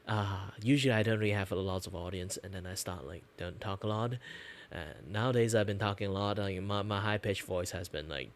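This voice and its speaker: A man chatting casually on his stream in his relaxed, lower natural register, rambling with lots of fillers. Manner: rambling, filler-heavy, frequent laughs. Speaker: VTuber streamer and artist.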